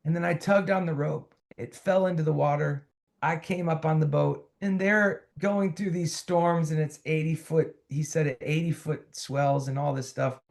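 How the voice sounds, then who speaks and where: A singer-songwriter man telling a long, animated story in a conversational podcast interview. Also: a little high, normal speed, creaky. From United States. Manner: animated storyteller, quoting others in his own voice.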